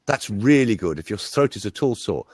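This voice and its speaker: A man's voice: fairly low pitch, animated, normal speed, darkish tone, husky, no echo, clean studio sound. A man, a voice coach telling chatty anecdotes as an interview guest. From England. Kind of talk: interview guest, conversational storytelling.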